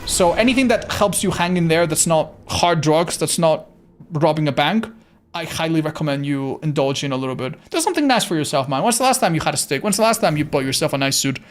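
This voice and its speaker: A man's voice: fairly high pitch, expressive, fast. A man chatting casually on a livestream, reading chat, swearing freely and laughing often; English is not his first language. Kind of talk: casual live-stream chat.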